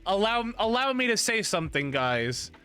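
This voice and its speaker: A man hosting a casual stream chat, excitable and rambling, quick to laugh. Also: high voice, music in the background. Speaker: streamer host.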